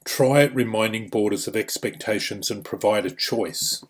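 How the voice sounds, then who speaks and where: Lower-voiced Australian male trainer. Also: moderate pace, few pauses. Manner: explanatory, with frequent "you know" and "um". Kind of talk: instructional course narration.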